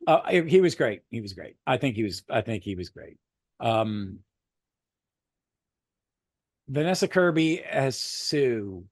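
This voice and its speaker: A man co-hosting a podcast, chatting casually about a superhero movie, rambling and swearing freely with animated bursts. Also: mid-range voice, slow pace, pauses often, dry recording, clean studio sound. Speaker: podcast co-host. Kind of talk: casual movie review chat.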